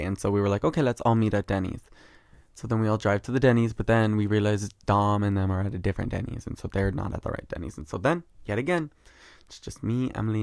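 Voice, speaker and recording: Young male podcast host, low gravelly voice, dry close sound, chatty dramatic storyteller who swears. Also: no room sound. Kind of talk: casual storytelling monologue.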